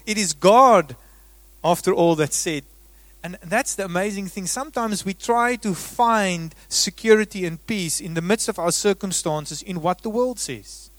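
A man with a high voice preaches a sermon, rising to loud emphasis and then dropping to a near hush. His sound is dry and close, with no room around it. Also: no room sound. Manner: dramatic swings between loud emphasis and hushed delivery. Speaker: pastor.

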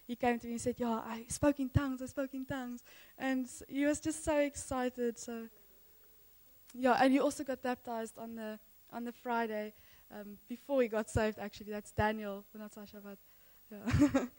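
A woman's voice: fairly high pitch, a little mellow, rough recording. A woman sharing mission testimonies in church, enthusiastic and rambling, often breaking into laughter.

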